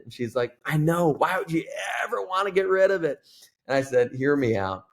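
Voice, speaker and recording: A man's voice: lowish voice, gravelly. A middle-aged man, a pastor, telling a story as a podcast guest and acting out the dialogue in it. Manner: animated storyteller who acts out dialogue.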